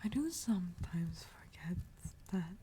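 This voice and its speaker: A woman hosting a whispered ASMR livestream, her voice very dark and mellow. She speaks slowly and softly into a close mic, chatting with viewers over faint background noise. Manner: soft whispering, greets viewers and answers chat; drops into a relaxed lower voice. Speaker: livestream host.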